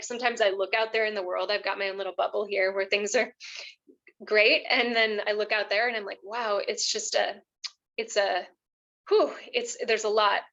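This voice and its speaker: A woman's voice: on the high side, bright, forceful tone. A woman love coach, a podcast guest, talking earnestly in a casual conversation, emotional and choking up a little, with many fillers.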